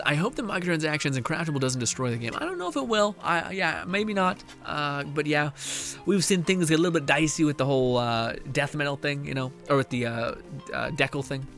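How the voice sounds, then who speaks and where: A man's voice: fairly high pitch, lively intonation, fairly quick, a bit bright, soft background music. A male streamer chatting casually and reading viewer messages aloud, tired and mentally drained, laughing often and swearing.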